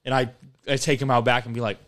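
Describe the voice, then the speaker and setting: A man's voice: mid-range voice, fast, no room sound. A man co-hosting a podcast, telling a comic story in casual banter with mock-tough quoted lines. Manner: animated storytelling with acted quotes. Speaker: podcast co-host.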